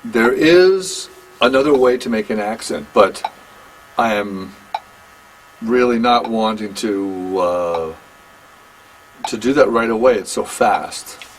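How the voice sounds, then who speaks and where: An older man giving a one-on-one drum lesson, talking in a halting, conversational way and counting beats aloud. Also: lowish voice, expressive, a little hiss or hum, rough recording. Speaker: drum teacher.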